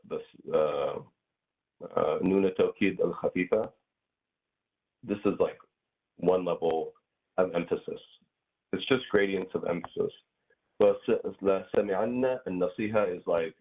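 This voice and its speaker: Male teacher, deep and husky, rambling casual delivery, phone-quality audio. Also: measured pace. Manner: hesitant, many fillers and restarts. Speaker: grammar teacher. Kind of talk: casual online class explanation. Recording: tinny phone-like line.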